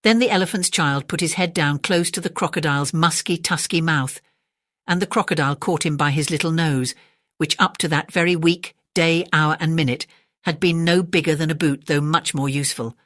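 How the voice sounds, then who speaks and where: Low-voiced woman reading a bedtime story. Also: no echo, studio quality. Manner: calm, measured, addresses the listener.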